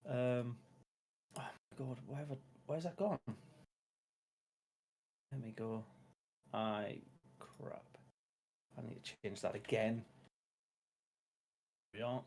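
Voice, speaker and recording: A man's voice: mid-range voice, steady tone, takes it slowly, vocal fry, long pauses, a little mellow. A man with a Sunderland accent hosting a casual football watch-along stream, chatting loosely with viewers and laughing often. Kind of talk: casual live-stream chat.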